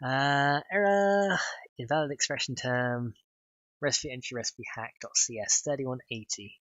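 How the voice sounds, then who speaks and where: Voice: medium pitch, unhurried, fairly bright tone, no echo, highs cut off. A streamer, chatting casually while coding a game mod, giggly and rambling and swearing freely.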